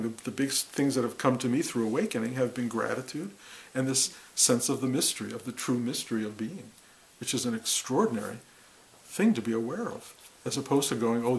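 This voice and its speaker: A middle-aged man teaching about awakening in a musing, reflective way, repeating words and breaking into animated bursts. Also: medium pitch, low-quality recording. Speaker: spiritual teacher. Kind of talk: reflective spiritual talk.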